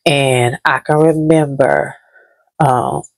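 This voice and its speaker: A woman's voice: a bass voice, fairly even intonation, takes it slowly, creaky, no echo. A woman from Dallas, telling a painful personal story on her vlog in a heavy, repetitive, grief-laden way. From Dallas, Texas. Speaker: vlogger. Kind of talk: emotional story time.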